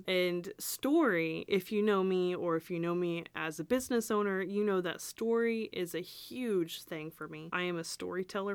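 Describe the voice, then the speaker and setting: A woman who is a podcast host and business owner tells stories in a rambling, chatty way with frequent laughs. Her voice is on the low side and smooth, recorded dry, in casual podcast storytelling.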